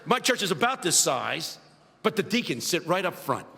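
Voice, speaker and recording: A man preaches with a comic storyteller's timing, and his high, sharp-edged voice swings widely as he builds toward shouting. His sermon rings out through a large hall with a long echo. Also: very animated, normal speed, gravelly. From United States, Philadelphia. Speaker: preacher and guest speaker. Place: large hall with a live audience. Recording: reverberant hall, faint ambience.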